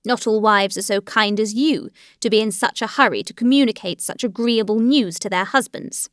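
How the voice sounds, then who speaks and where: A woman voicing a cold, sarcastic middle-aged husband with a thin, shrill voice and a stiff, contemptuous manner, in a dry, close recording. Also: normal speed, no echo, natural voice.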